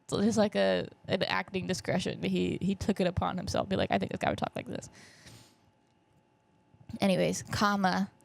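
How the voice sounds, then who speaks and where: A woman's voice: medium pitch, vocal fry. A young woman in her twenties hosting her own podcast, chatting casually and rambling about movies with plenty of fillers and asides, her nose a bit stuffy. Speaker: podcast host. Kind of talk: casual solo podcast recap. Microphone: camera setup.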